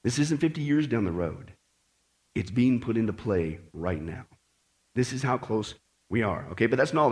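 A male pastor preaching a sermon to his congregation in a lively, animated way, checking in often with "okay" and "right" and acting out the voices of the people he quotes. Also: medium pitch. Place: church in Las Vegas.

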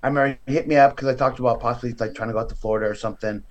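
Man, lively storyteller voicing quoted lines. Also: medium pitch, very fast. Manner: animated storyteller who acts out quoted voices. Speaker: podcast guest. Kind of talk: casual interview chat.

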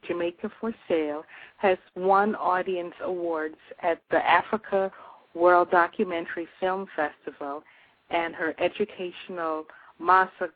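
A woman host reads a guest introduction with deliberate stress on each listed item. Her voice sits low for a woman and comes through a thin, phone-like band with no room echo at all. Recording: dry tinny phone-like sound.

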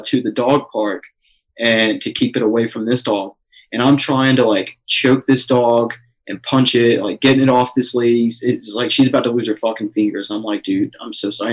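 A man's voice: medium pitch, low-quality recording. A young man telling a wild story in casual chat, swearing often and filling with "like" and "um". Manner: excited, swears a lot, many fillers.

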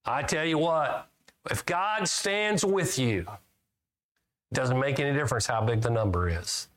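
A man's voice: mid-range voice, expressive, measured pace, fairly bright tone. A male preacher giving a sermon in a folksy way, reading scripture aloud and asking his listeners questions. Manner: folksy, asks the congregation questions; reads scripture aloud with rising emphasis.

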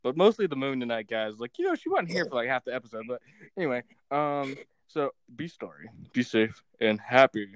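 A man's voice: medium pitch, sing-song, brisk, no echo. A young man hosting a podcast in a rambling, giggly casual chat, swearing freely. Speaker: podcast host.

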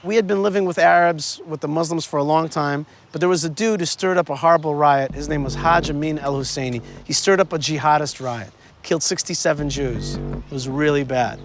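A man guiding a tour outdoors at a historic site, teaching history in an animated way and quizzing his listeners. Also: fairly high pitch, a little fast, background noise. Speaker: tour guide. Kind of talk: history lesson told on a tour.

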